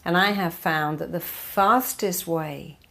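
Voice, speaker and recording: A woman's voice: on the low side, takes it slowly, gravelly, sharp tone. A woman therapist giving a motivational talk, emphatic and building her points through repeated lists.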